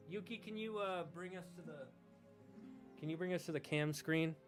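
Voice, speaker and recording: A man's voice: a little high, normal speed, over loud music. A man streaming a game, chatting in a casual, rambling way and talking affectionately to his cat. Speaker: gaming streamer. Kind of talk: casual chat.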